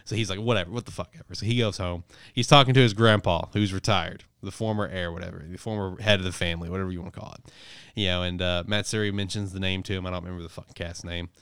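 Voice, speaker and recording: A man hosting a casual podcast, recapping a manga chapter in a profane, rambling, animated way. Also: deep voice, fast, clear, resonant tone, no echo, clean studio sound. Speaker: podcast host reviewing manga. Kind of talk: casual chat.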